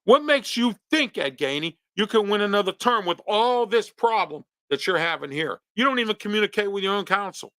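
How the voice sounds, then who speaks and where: A man's voice: high voice, lively intonation, brisk, few pauses, fairly bright tone, dry recording. A man from hosting a local talk show, ranting his opinions with pointed rhetorical questions. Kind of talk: opinionated monologue.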